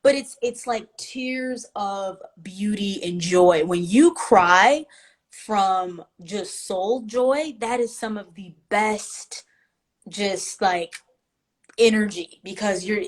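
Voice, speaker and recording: A woman's voice: medium pitch, slow. Guest, woman, spiritual healer, heartfelt and emotional delivery, video call. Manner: emotional and warm-hearted, speaks in spiritual terms. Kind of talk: casual interview talk.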